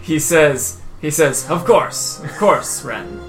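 Halting man narrating a tabletop game. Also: fairly high pitch, sing-song, soft background music, low-quality recording. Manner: measured, halting narration with many restarts. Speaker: game master.

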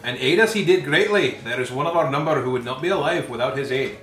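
A man's voice: medium pitch, quick pace, a bit bright, faint music behind. Laid-back man player, echoey room. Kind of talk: casual game chat.

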